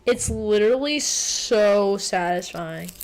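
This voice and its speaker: A woman streamer chatting casually to her viewers, rambling, excitable and full of swearing. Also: mid-range voice, slow. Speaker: livestreamer. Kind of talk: casual livestream chat.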